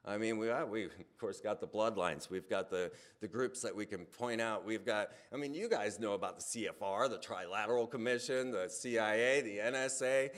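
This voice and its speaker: A man speaking in a casual, animated monologue, his voice climbing higher and louder when he gets worked up. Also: normal speed, few pauses. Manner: animated storytelling, voice rising when excited. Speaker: speaker on a hypnosis channel.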